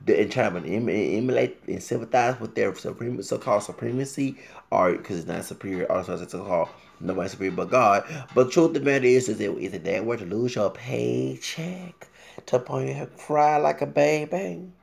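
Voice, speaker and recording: A man ranting to his viewers in a vlog, swinging between loud outbursts and low muttering, often repeating himself and talking straight to the audience. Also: brisk, gravelly. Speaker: vlogger.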